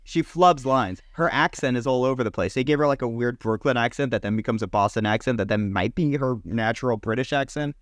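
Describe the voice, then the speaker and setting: Animated man ranting as podcast co-host. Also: mid-range voice, fairly quick, hardly any pauses, dry recording, clean studio sound. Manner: animated, mocking movie lines in exaggerated readings. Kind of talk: casual chat.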